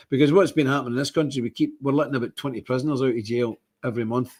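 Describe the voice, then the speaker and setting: A man's voice: mid-range voice, lively intonation, rapid-fire, few pauses, breathy edge. A man with a Scottish accent hosting a casual livestream monologue, rambling with indignant outbursts. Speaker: livestream host.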